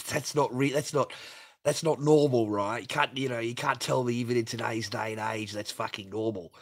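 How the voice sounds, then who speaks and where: A man's voice: medium pitch, fairly bright tone, breathy edge. A man hosting a livestream, ranting crudely and laughing as he reads out viewer messages. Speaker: livestream host reading superchats. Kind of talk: crude casual livestream rant.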